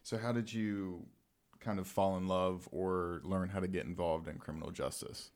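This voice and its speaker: Male interviewer, very low pitch, brief prompts. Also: fairly even intonation, normal speed, a little mellow. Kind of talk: interview questions.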